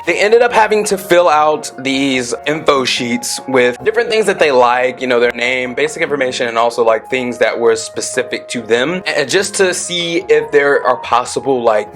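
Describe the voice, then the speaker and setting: A man giving a chatty, expressive recap of a TV episode as a channel host, often acting out the characters' lines. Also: medium pitch. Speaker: show recap YouTuber. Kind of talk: casual recap commentary.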